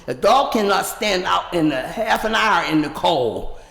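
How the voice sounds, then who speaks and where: A woman's voice: lowish voice, lively intonation, measured pace, creaky, a bit bright, big-room sound. An older woman giving an emotional public comment at a city council meeting, telling a personal story. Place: council chamber.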